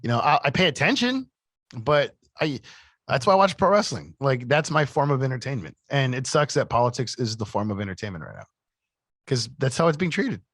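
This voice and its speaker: A man's voice: medium pitch, expressive, fairly quick, a bit bright, no echo, studio quality. A man co-hosting a podcast in casual chat, rambling with lots of "like" and restarts. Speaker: podcast co-host.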